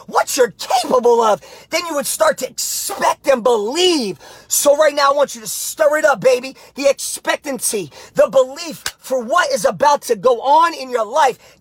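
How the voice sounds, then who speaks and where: A man giving a fervent motivational pep talk as a coach, hoarse and raspy from yelling, often shouting his encouragement. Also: very high-pitched, no echo. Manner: fervent, shouting exhortations, calls people "baby".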